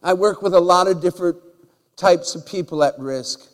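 In a church sanctuary, a male pastor whose voice runs a little high for a man preaches a storytelling sermon at normal speed. He swings animatedly between loud bursts and soft asides, repeating words as he goes, while a long hall reverb trails after him.

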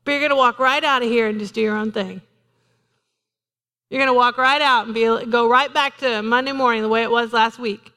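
A woman pastor preaches with animated energy and slips into quoted voices as she makes her points. Her voice sits a little high, and a long reverb trails it through the church. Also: fairly quick. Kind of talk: sermon. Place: church sanctuary.

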